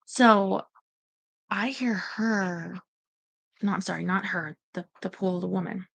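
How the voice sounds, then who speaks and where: A woman's voice: medium pitch, takes it slowly, vocal fry. A woman rambling anxiously in casual livestream chat, talking straight to her viewers.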